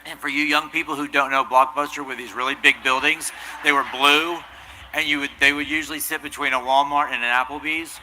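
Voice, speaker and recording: A man's voice: on the high side, steady tone, brisk, sharp tone, a little hiss or hum, low-quality recording. A man giving a commencement address, telling an earnest, self-deprecating story. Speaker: commencement speaker. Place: outdoor commencement ceremony.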